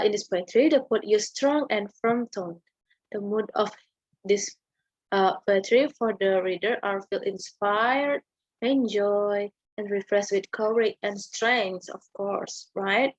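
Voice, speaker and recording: Hesitant Indonesian student, husky and slow. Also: female voice, mid-range voice, no room sound. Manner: hesitant, many fillers and tag questions. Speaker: student presenter. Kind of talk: class presentation explaining a poem. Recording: dull lo-fi home recording.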